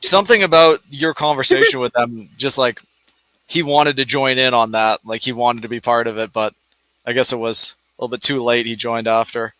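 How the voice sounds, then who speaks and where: A man's voice: mid-range voice, moderate pace, a bit bright, no room sound, rough recording. A young man hosting a live stream, talking in a rambling, hesitant way. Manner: rambling, hesitant, filler-heavy. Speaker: stream host. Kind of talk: casual stream chat.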